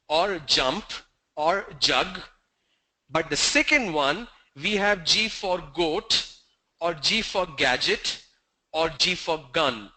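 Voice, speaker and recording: A male online English pronunciation teacher asks his class questions and goes back over key points at a measured pace. The high voice sounds pushed and bright, and the recording is rough.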